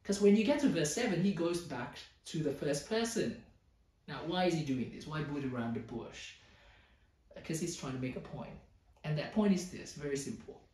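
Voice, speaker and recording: A male pastor preaching a sermon, explaining scripture with lively emphasis and playful asides. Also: fairly high pitch. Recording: roomy hall, voice a bit far from mic.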